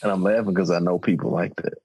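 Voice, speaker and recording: A man's voice: sits low, steady tone, quick pace, a little mellow, a little hiss or hum, rough recording. A man co-hosting a podcast in casual chat, agreeing with his co-host in short replies.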